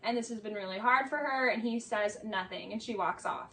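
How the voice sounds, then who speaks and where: A woman's voice: on the high side, fairly quick, a bit bright, far from the mic. A young woman giving casual video essay commentary, sarcastic and exasperated, saying "like" a lot.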